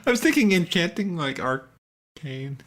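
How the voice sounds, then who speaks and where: A man hosting a casual gaming podcast, playful and quick to giggle. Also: a little high, sing-song, a bit bright. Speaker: podcast host.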